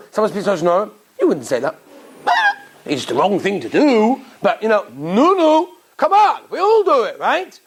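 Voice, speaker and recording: A man, a rabbi, giving an animated Torah lecture, acting out little voices and laughing often. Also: on the high side, husky.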